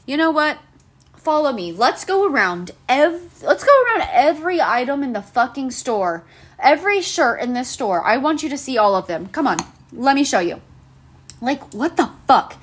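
A woman's voice: a little high, animated, normal speed. A young woman hosting a solo podcast, ranting about retail customers with sarcastic, profane exasperation. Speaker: podcast host.

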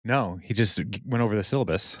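A young man with a lower voice chats casually, retelling scenes and breaking into frequent laughter. The sound is dry and close, with no room around it. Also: fast, no room sound. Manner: laughs often, retells scenes with quoted lines. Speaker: podcast co-host. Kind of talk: casual chat recapping a TV episode.

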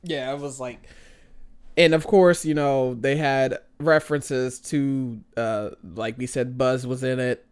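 A man co-hosting a casual movie review chat, rambling and animated, slipping into voices when he quotes characters. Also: mid-range voice, slow pace, clear, resonant tone. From American Midwest. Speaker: podcast co-host.

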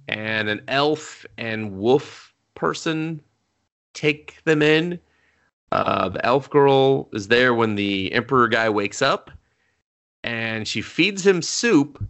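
A man co-hosting a podcast in casual chat, animated and profane, laughing often as he recaps shows over a remote call. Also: mid-range voice. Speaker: podcast co-host.

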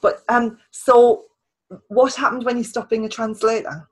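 A woman's voice: fairly high pitch, flat delivery, a little slow, slightly rough, low-quality recording. Chatty woman host with stop-start speech. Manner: chatty, with frequent restarts and stammered repeats. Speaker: podcast host and writer. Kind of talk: casual conversational interview.

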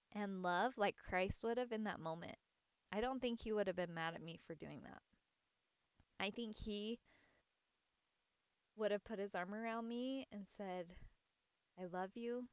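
A woman in her thirties, a mother, telling a personal story in an earnest, reflective way with soft laughs. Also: mid-range voice, clear, resonant tone, no echo. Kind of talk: casual personal testimony.

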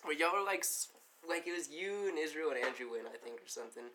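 A young man reminisces with friends in loose, casual chat and strings his stories together with constant fillers. His voice sits a little high and sounds bright. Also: expressive, fast, slight background noise. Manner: rambling, filler-heavy storytelling.

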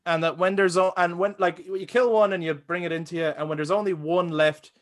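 A man co-hosting a casual film podcast, excitable, laughing often and swearing casually as he talks. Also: high voice, brisk. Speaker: podcast co-host.

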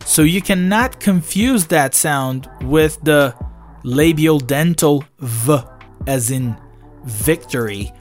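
A male English teacher gives a slow, deliberate online lesson, leaning on each point with emphasis. He throws rhetorical questions at his viewers and speaks in a fairly high voice, with faint music playing behind him. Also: animated.

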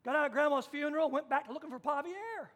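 Male pastor, very high voice, animated storytelling sermon. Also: quick pace. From Kansas. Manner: storytelling with acted-out quotes, swings from hushed to loud.

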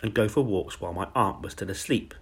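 A man voicing a timid, kind young woman teacher in a soft, modest, earnest manner. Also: fairly low pitch, fairly quick, creaky, breathy edge, full character voice. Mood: gentle.

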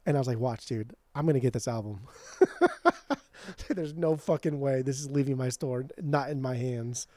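A man co-hosting a podcast, telling a story in a casual, animated way and swearing freely. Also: medium pitch, moderate pace, no room sound. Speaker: podcast co-host, record store owner. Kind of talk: casual chat.

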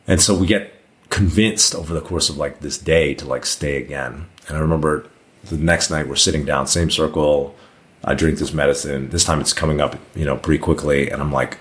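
A man's voice: very deep voice, fairly even intonation, a little fast. A man as a podcast guest, telling a long personal story in a casual, rambling way with lots of "like" fillers.

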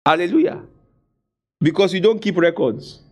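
Male preacher, slightly high voice, drives points home through repetition and asks the congregation to answer back. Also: sing-song, normal speed, darkish tone. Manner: exhorting, call-and-response with the congregation; repeats phrases for emphasis. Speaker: pastor. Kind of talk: sermon.

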